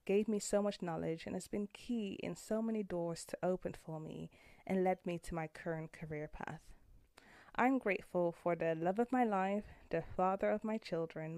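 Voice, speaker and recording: Gravelly, mellow-voiced woman podcast host. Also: on the low side, no echo. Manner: heartfelt and earnest, gets emotional. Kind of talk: personal podcast monologue. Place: home room.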